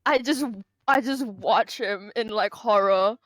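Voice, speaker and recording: A woman's voice: mid-range voice, measured pace, dry recording, rough recording. A woman playing in a tabletop game, emotionally describing her character's reactions in first person. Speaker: player. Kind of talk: in-character tabletop role-play.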